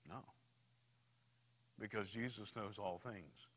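Brief: male pastor, storytelling sermon, hushed to loud, tense bright timbre. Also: deep voice, animated, a little slow, pauses often, husky. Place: church sanctuary. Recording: reverberant church hall.

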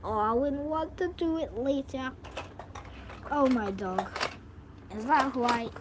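A woman's voice: high voice, normal speed, background noise. A woman hosting a playful make-believe rating chat, hopping between silly character voices. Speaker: channel host voicing toy characters.

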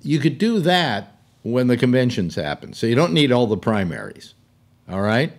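A man's voice: mid-range voice, very animated, moderate pace. An older man hosting a casual chat, rambling with many restarts. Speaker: talk show host.

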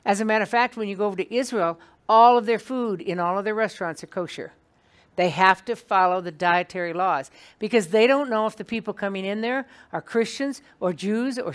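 A woman with a mid-range voice teaches an evening Bible class to a small group in a meeting room. She speaks in a lively, conversational way and puts questions to the class.

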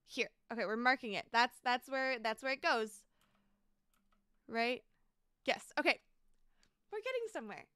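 Bubbly high-voiced young woman streamer. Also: unhurried, long pauses, clear, resonant tone, no echo, studio quality. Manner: bubbly, repeats exclamations, thanks chat excitedly. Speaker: game streamer. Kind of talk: casual live-stream chat while building in a game.

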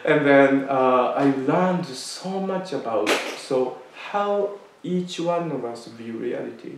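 A man tells a personal story as a Zen talk, stopping and restarting with frequent fillers. His voice sits at an ordinary pitch. He is heard from a little way off, in a room with heavy echo. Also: expressive, creaky, a little hiss or hum. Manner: halting, many fillers and restarts. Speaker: Zen teacher giving a talk. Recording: echoey room, mic at a distance.

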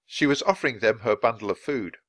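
A man reading a children's storybook aloud for English learners, narrating clearly and expressively. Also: medium pitch, fairly quick, no echo. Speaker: storybook reader.

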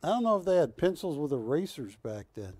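High-voiced, joking TV sales host. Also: male voice, brisk. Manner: joking, animated, teasing co-hosts. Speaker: shopping channel host. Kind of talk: live sales pitch.

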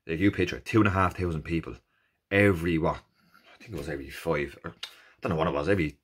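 A man with an Irish accent casually recounting his first endurance race, animated and jokey, acting out the people he met. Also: low voice. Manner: animated, jokey, acts out quoted exchanges in raised voices. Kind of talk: casual storytelling.

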